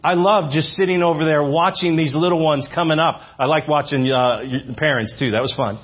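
Husky man preaching with emphatic repetition. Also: a little high, brisk, lo-fi sound. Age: 40s. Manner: animated, repeats phrases for emphasis, asks the audience questions. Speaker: visiting speaker. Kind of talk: sermon. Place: church sanctuary.

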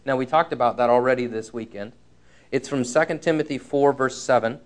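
Here a man with a mid-range voice preaches, sharing a story from his own life. He sounds sincere and straightforward, slowing down to emphasize key lines.

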